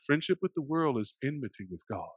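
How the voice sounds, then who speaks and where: A man preaching a sermon, animated, swinging between loud emphasis and hushed moments, sometimes acting out the voices of the people in the story. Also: medium pitch, a little fast, breathy edge, dry recording, lo-fi sound. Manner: animated, acts out voices of the characters.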